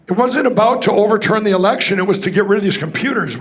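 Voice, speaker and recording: Speaking fast in a high voice, a man on a conference hall stage rambles through a story for the audience, restarting now and then and voicing the dialogue himself.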